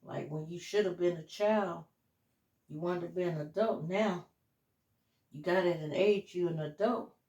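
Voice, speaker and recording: Slow, chatty woman cooking at home. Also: lowish voice, a little mellow, roomy sound, dull audio. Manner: chatty, talks to viewers as "y'all". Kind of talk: casual chat while cooking. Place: home kitchen.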